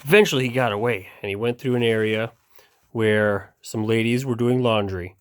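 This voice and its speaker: A man's voice: medium pitch, moderate pace, clear, resonant tone. A young man reading a children's book aloud in a casual, jokey way, wry and offhand with ad-libbed asides.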